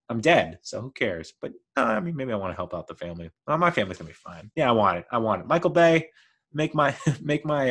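A man's voice: lowish voice, fairly bright tone. A man casually talking through favorite scenes, rambling with lots of fillers and restarts. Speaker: host. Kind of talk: casual movie talk.

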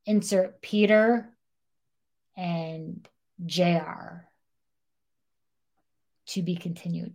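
Drawing out her words with long pauses, a young podcast co-host with a fairly low voice animatedly retells a true-crime story. She casually acts out what people said and says "like" frequently.

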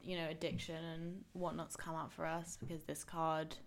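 A woman speaking as a podcast's tarot specialist, measured and reflective as she explains. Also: sits low, level tone, creaky, a little hiss or hum. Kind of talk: casual podcast chat.

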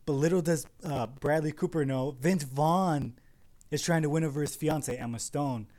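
A young man co-hosting a comedy podcast, rambling through a film pitch with many fillers and laughs. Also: normal speed, a little mellow. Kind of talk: casual improvised comedy chat.

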